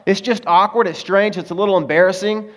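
A man's voice: high-pitched, steady tone, a little fast. A man preaching a sermon in a conversational way, with personal stories and frequent asides to the congregation. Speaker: pastor.

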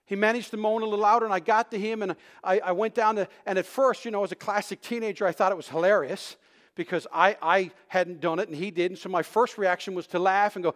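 A man preaching a sermon in a high, lifted voice. He tells a personal story with lots of drama, dropping to a hush, then rising to loud bursts. Now and then he restarts a word mid-sentence. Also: fast talker. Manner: animated storytelling, swings from loud shouts to hushed tones. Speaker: pastor.

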